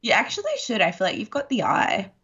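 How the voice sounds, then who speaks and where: A woman's voice: medium pitch, wildly swooping pitch, fast talker, muffled recording, a crowd in the background. A woman co-hosting a podcast, chatting casually and gushing, with lots of fillers. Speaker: podcast co-host. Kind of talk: casual chat.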